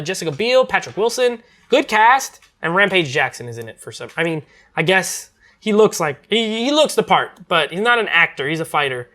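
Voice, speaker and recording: A man's voice: sits high, bright, forceful tone. A man reviewing movies in a casual, rambling chat, full of fillers and restarts.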